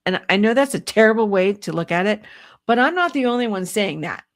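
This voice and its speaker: A woman's voice: mid-range voice, expressive, a little fast. An older woman speaking as a psychic reader on a casual livestream, rambling and exasperated, with restarts and little laughs.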